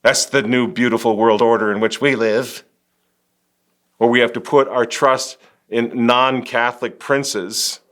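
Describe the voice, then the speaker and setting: A mid-pitched man delivers religious political commentary in an emphatic, preaching way. He leans on sarcasm and drops wry little laughs between points. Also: steady tone, a little slow, fairly bright tone. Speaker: host.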